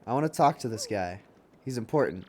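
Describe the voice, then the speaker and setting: Young man, live game streamer, chatty, animated voice, laughs a lot. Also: lowish voice, brisk. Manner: chatty, laughs often, drops in silly voices. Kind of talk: casual gameplay commentary. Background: faint game music.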